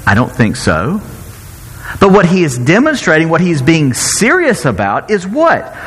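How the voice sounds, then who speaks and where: A man preaching a sermon in an animated, playful way, often breaking off and restarting his sentences. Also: fairly high pitch, normal speed, husky, in a large hall, low-quality recording. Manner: animated, self-interrupting, playful asides. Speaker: pastor.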